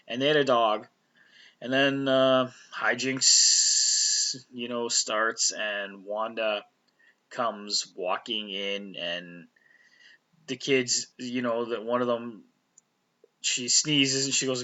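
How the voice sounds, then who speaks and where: A man's voice: medium pitch, unhurried, bright, forceful tone, dull audio. A man casually recapping a TV episode, rambling with fillers and restarts and loosely acting out the characters' lines. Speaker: recap vlogger.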